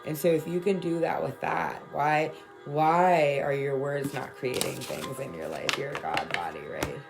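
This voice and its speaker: A woman's voice: low voice, measured pace, gravelly. A woman talking casually on a tarot livestream, loose, affectionate and profane, rambling through spiritual encouragement. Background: faint music.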